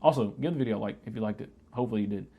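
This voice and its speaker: Fast-talking man telling a profane story. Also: fairly low pitch, phone-quality sound, slight background noise. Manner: profane, animated retelling that shouts quoted lines. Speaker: vlogger telling a military story. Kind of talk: casual storytime vlog.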